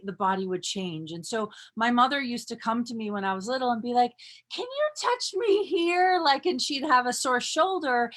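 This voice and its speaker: Bubbly woman, thirties, slightly high voice, chatty, lots of fillers. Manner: bubbly, animated, frequent fillers. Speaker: workshop leader. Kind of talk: casual live-stream talk.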